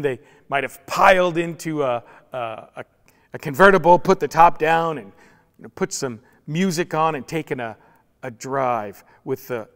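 A man's voice: mid-range voice, fairly bright tone. A male pastor giving a sermon, telling the story with humor and acting out voices. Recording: long reverb in a church hall.

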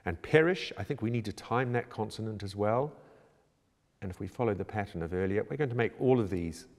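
In a reverberant room with a long, lingering echo, a choir director with a somewhat low voice explains how to prepare a score. He speaks calmly and in a measured, instructional way.

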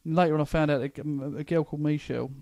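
A man, co-hosting a comedy podcast and telling crude stories with swearing in an animated way. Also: fairly high pitch, racing, dry recording, clean studio sound. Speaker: comedian co-host. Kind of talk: casual comedy podcast chat.

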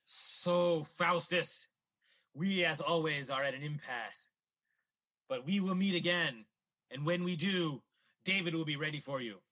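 A man's voice: on the high side, a little slow, pushed and bright. A man voicing a wise old martial arts master, speaking solemnly in an improvised movie parody.

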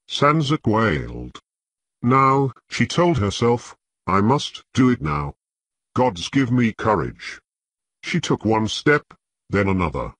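A man reading a fantasy novel aloud as an audiobook narrator, in a measured, unhurried way. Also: medium pitch, big pitch swings, a bit bright, no echo.

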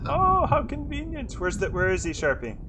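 High, lively man giving playful pirate orders. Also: moderate pace, heavy background noise. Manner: laughing often, playful pirate talk. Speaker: streamer and ship captain. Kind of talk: casual gameplay commentary. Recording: loud game sounds behind.

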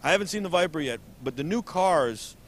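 A man's voice: a little high, brisk, slight background noise. Eager man hosting auto show. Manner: eager, animated, repeats words. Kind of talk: enthusiastic interview. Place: busy convention hall booth.

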